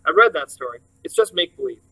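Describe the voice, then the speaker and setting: Man reading as a young runaway boy, polite, earnest, bright tone. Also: fairly high pitch, big pitch swings, fast talker, husky, exaggerated voice, rough recording.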